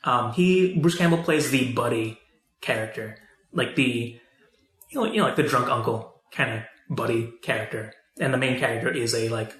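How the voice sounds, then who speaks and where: A man's voice: mid-range voice, moderate pace, a bit bright, echoey room. A man co-hosting a podcast, chatting casually about movies and TV, rambling with lots of fillers and restarts. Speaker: podcast co-host.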